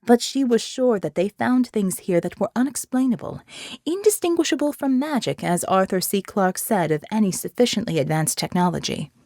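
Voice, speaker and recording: Woman reading a thriller audiobook, lively voice, super dry close mic. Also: medium pitch, normal speed, no echo. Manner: expressive, clear reading. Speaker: audiobook narrator. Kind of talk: scripted narration.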